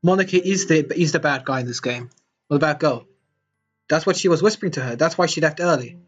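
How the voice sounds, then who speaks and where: A man in a let's play, reading game text and thinking aloud in a loose, rambling way full of fillers. The recording is a little dull, with soft game music behind him. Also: on the high side, fast talker. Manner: rambling, filler-heavy commentary. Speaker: gaming YouTuber.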